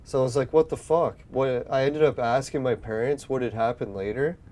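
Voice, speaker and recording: Young male gaming host, relaxed mellow voice, rambling storyteller, swears a lot. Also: mid-range voice, fairly quick. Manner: rambling, swears often, acts out his own past lines. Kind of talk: casual storytelling while playing a game.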